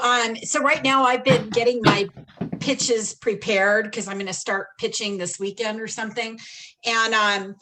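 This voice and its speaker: A chatty woman taking part in a workshop asks her questions in a rambling, self-deprecating way. Her voice sits a little high and sounds bright and tense. It sounds like an online video call. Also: slight background noise, low-quality recording. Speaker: workshop participant asking questions. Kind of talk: casual question-asking.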